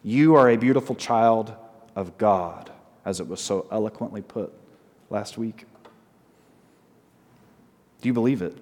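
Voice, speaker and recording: A man preaching a sermon as pastor, often asking the congregation questions and repeating short phrases slowly for emphasis. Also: lowish voice, darkish tone, in a large hall. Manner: asks the congregation frequent call-and-response questions.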